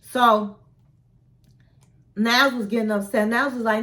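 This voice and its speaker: A woman with a fairly high voice gives a chatty recap of a reality show. She acts out each quote in an animated way. Between the quotes she adds blunt comments of her own. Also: slow pace. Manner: animated retelling, acting out quotes, chatty asides. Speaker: recap vlogger.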